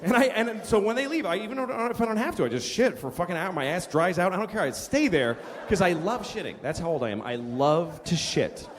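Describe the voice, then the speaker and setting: A middle-aged stand-up comedian performs live on a comedy stage, ranting with profanity and exasperation and slipping into mumbled asides. His voice sits high and animated, running a little fast with few pauses. The reverberant venue carries audience noise.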